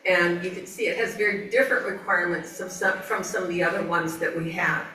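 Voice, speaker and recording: A woman's voice: fairly low pitch, steady tone, fairly quick, pushed and bright, a little hiss or hum. A woman giving an informal nature talk about plants, chatty, with frequent laughs and fillers. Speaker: garden speaker. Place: outdoor garden event. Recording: roomy, distant mic, faint ambience.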